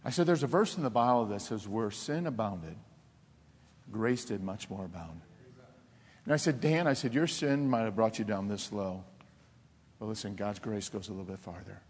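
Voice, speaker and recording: A man preaching a sermon as pastor, telling animated personal stories, laughing often and dropping to soft, intense tones. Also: lowish voice, normal speed, slightly rough. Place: church sanctuary. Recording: long reverb of a church hall.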